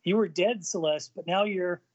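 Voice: normal speed, a little mellow, dull audio, close to an everyday voice. A podcaster reading comic lines as a distraught ten-year-old boy in a pleading voice. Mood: shaken. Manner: pleading, high-pitched.

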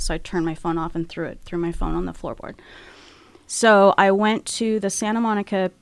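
A woman's voice: lowish voice, brisk, dry recording. A middle-aged woman, an interview guest, telling a personal story candidly and acting out her own thoughts at the time. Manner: candid, animated when retelling, acts out her own quoted thoughts.

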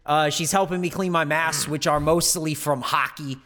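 A man's voice: on the high side, steady tone, normal speed, fairly bright tone, natural voice. A man doing dopey rambling Jason Voorhees. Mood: cheerful. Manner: rambling, goofy, self-justifying. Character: Jason Voorhees, dim-witted immortal slasher roommate. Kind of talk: improvised comedy courtroom sketch.

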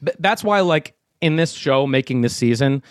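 A man hosting a casual chat, telling a story in an animated way, acting out quotes and swearing freely. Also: medium pitch, normal speed, no echo, clean studio sound. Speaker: show host telling a story.

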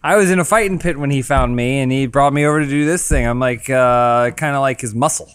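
A man's voice: medium pitch, brisk, fairly bright tone, clear, resonant tone. A man playing a tabletop game, chatty and playful, often laughing. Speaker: player. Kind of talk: in-character tabletop play.

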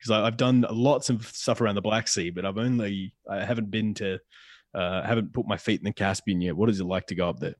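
Fast-talking man. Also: lowish voice, steady tone, no echo, clean studio sound. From Australia. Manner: rapid, chatty, restarts phrases often. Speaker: podcast guest. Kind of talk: casual podcast chat.

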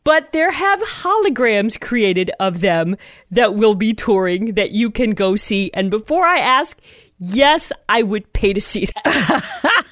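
Woman podcast co-host, chatty and excitable, laughs easily, dry close mic. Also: mid-range voice, takes it slowly, no room sound. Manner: animated, laughs often, rambling asides. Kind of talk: casual chat.

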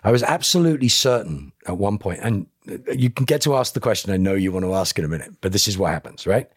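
A man's voice: low-pitched, lively intonation, fast talker, breathy edge, dry recording, studio quality. A man in his fifties, a podcast guest, telling a dramatic personal story bluntly and with emphasis, swearing and acting out what others said. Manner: blunt, emphatic, swears, acts out quoted speech. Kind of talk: emotional storytelling.

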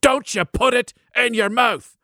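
A man's voice: extremely high pitch, fairly even intonation, unhurried, vocal fry, pushed and bright, dry recording, studio quality, pitched above the performer's own voice, exaggerated voice. A man playing a bossy were-folk commander. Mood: rallying. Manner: rallying, bossy pep talk.

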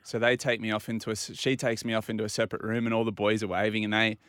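A man's voice: lowish voice, little pitch movement, rapid-fire, a bit bright, clear, resonant tone, no echo, clean studio sound. An Australian man telling a self-deprecating story on a radio show in a casual, easygoing way. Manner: easygoing, self-deprecating, acts out quoted dialogue.

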